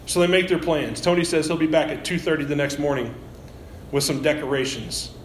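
Male preacher, sermon storytelling, slightly high voice, roomy church echo. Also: fairly even intonation, fairly quick. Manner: vivid, building, reflective questions. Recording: roomy echo, faint noise.

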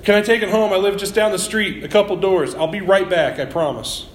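A man voicing a lonely middle-aged woman who speaks softly and hesitantly. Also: high-pitched, slight background noise, voice pushed up, lightly acted. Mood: eager. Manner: hesitant, halting. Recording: roomy echo.

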